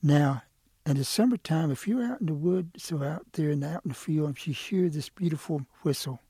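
A man telling a folk tale aloud in an unhurried, lively way. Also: on the high side, slight background noise. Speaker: storyteller. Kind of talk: oral folk storytelling.

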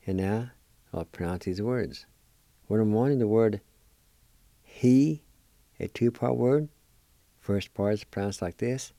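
A man hosting a weekly language lesson, spelling and pronouncing words slowly and repeating each syllable with care. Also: fairly low pitch, creaky, warm tone, no room sound. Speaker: language teacher and program host.

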